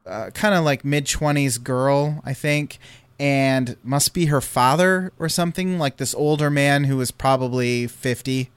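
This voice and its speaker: A man's voice: medium pitch, clear, resonant tone, no echo. A man telling a long story in casual chat, rambling with fillers and restarts.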